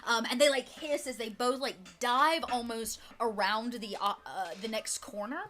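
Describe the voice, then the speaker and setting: A woman's voice: a little high, fairly even intonation, normal speed, pushed and bright. A woman narrating a tabletop role-playing game as game master, in a loose, chatty way with many fillers.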